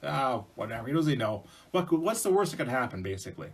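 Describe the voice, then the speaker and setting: A man voicing a careless, greedy skeleton woman in a spoken folk tale, with a whiny, drawn-out delivery. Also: medium pitch, sing-song, slightly rough, recorded from a distance. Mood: bored.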